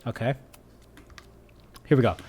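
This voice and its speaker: Guy doing chill gameplay commentary, reads stuff out loud, keyboard clacking. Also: unhurried. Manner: casual, chatty, reads game text aloud. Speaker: gaming YouTuber. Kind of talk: casual let's play commentary.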